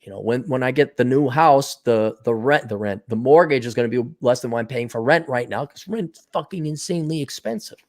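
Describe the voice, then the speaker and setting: A man's voice: mid-range voice, a little fast, hardly any pauses. A middle-aged man hosting a solo podcast, talking casually and bluntly with lots of profanity and sardonic asides, just woken up. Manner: blunt, profane, sardonic, laughs at own jokes. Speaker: podcast host. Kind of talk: casual solo podcast rant, reading listener donations.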